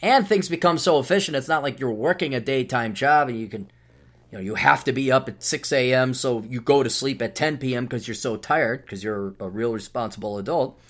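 A man's voice: mid-range voice, brisk. A middle-aged man hosting a podcast, talking in a rambling, sardonic solo monologue with frequent restarts. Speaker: podcast host.

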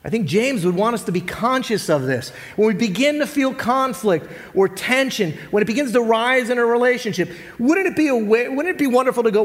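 A male pastor with a high voice preaches earnestly and conversationally, firing rhetorical questions at the congregation. He talks briskly with lively intonation and few pauses, and his words ring with the long reverb of a large church hall.

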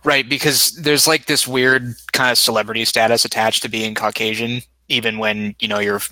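A man's voice: medium pitch, little pitch movement, normal speed, bright, forceful tone, no echo, rough recording. A man giving blunt opinions in casual podcast chat.

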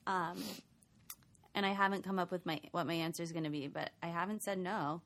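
A woman's voice: on the low side, fairly even intonation, brisk, fairly bright tone. Bubbly American woman co-host. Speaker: podcast co-host. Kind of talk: casual chat.

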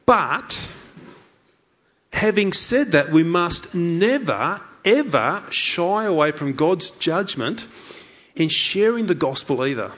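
A man preaches, his slightly high voice rising and falling with animated swings. He drives each point home by repeating key lines. The recording sounds dull and lo-fi. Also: slow pace. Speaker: pastor. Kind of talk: sermon.

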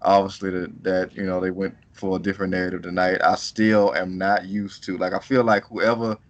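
A man's voice: low voice, flat delivery, fairly quick. A man co-hosting a casual wrestling chat, rambling loosely and laughing as he talks. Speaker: podcast co-host.

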